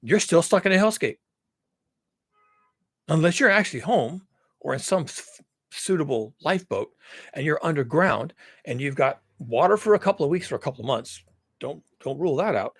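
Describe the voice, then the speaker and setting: Male creator, raised husky voice, profane doom-laden rant, dry close sound. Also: a little high, expressive, normal speed, long pauses, no room sound. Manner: dramatic, profane, paints grim scenarios. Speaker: video creator. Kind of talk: ranting monologue.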